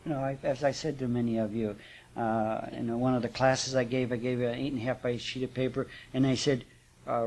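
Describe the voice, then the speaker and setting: A man's voice: medium pitch, moderate pace, darkish tone. A man giving a live spiritual class talk to an audience, speaking conversationally with rhetorical check-ins and chuckles. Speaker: spiritual teacher.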